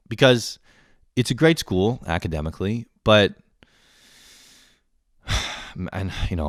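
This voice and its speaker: A young man ranting in a loose, swear-heavy stream that keeps circling back on itself. His voice sits a bit low, and the sound is dry and close with almost no room around it. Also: no echo. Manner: profane, rambling, self-deprecating. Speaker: vlogger. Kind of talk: casual rant.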